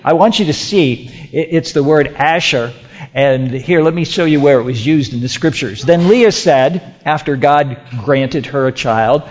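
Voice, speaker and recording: Emphatic preacher man in a reverberant hall. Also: on the high side. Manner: emphatic, repeats phrases, swings from loud to hushed. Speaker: pastor. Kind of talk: sermon. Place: church sanctuary. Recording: muffled, with long hall reverb.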